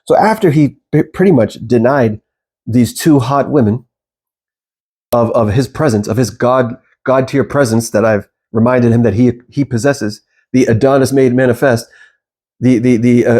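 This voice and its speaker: Male coach, casual storytelling monologue, lively and profane, voices the quotes himself. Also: medium pitch, moderate pace. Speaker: manifestation coach.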